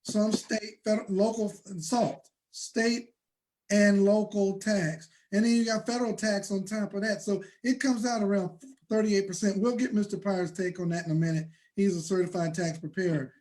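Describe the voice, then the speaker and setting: A man hosting a motivational money talk, preaching and building to shouts. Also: high-pitched, fairly even intonation, moderate pace. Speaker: host.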